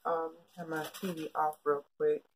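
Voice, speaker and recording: A woman's voice: sits low, little pitch movement, moderate pace, a little hiss or hum. A young woman telling a personal story in a casual, rambling vlog from her bedroom, full of fillers and restarts. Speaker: vlogger. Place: bedroom at home.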